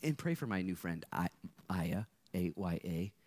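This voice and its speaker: A man preaching a sermon as a pastor to students, acting out quotes and swinging between loud bursts and quiet intensity. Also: a little slow. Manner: animated, acts out quotes with big pitch jumps, drops to quiet intensity.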